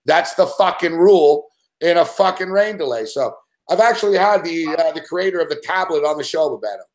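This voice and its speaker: A man's voice: fairly high pitch, brisk. A man hosting a show, telling a long profane story in an agitated, swearing rant. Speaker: show host.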